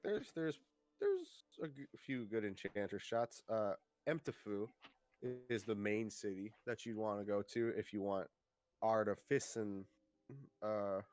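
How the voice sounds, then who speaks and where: A man narrating as game master, casual and halting with lots of fillers. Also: lowish voice, a little mellow, smooth, dry recording. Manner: casual, many fillers and pauses.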